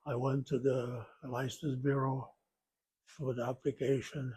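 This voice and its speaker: A man in his nineties telling his life story in an interview, halting and rambling with restarts and soft chuckles. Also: mid-range voice, little pitch movement, slightly rough.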